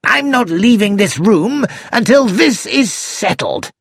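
A man's voice: high-pitched, animated, slow pace, creaky, a bit bright, breathy edge, no echo, studio quality, voice pushed up, heavily acted. A man voicing a weak, self-pitying elderly man in a read-aloud story. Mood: indignant. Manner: feeble, whining, peevish.

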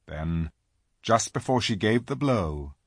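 A man narrating a children's storybook aloud, slow and dramatic in his reading. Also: lowish voice, expressive, husky, dry recording, clean studio sound. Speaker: audiobook reader.

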